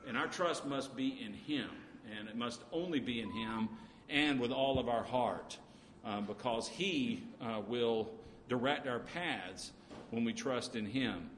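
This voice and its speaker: A man preaching a sermon, talking in a halting way with frequent pauses and restarts. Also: mid-range voice, fairly bright tone. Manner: halting, many uh fillers and restarts. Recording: echoey hall with faint noise.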